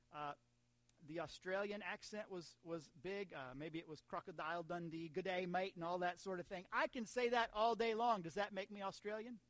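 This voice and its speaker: A man's voice: high voice, fairly bright tone, no room sound. An American man preaching a sermon in a conversational way, mixing humor and asides with scripture. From United States. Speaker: pastor.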